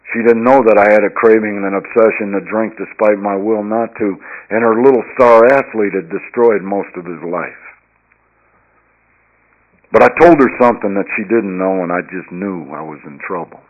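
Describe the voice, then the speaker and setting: A man giving a personal testimony talk at a recovery meeting, earnest and storytelling, dropping to a hush and then rising to emphatic, louder passages. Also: fairly low pitch. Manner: earnest storytelling that swings between hushed and loud, emphatic passages. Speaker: speaker sharing his recovery story at a recovery meeting. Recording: dull lo-fi recording.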